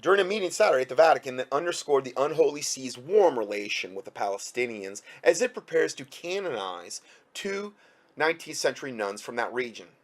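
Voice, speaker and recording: A man's voice: mid-range voice, big pitch swings, brisk. A man reading out news reports and breaking in with sarcastic, heated commentary.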